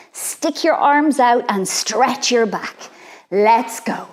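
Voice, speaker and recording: A woman leading a playful children's activity, guiding young listeners through chants and spells in an animated, sing-song way. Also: high voice, slow pace. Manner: animated, sing-song, exaggerated sounds for kids. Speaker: children's workshop leader.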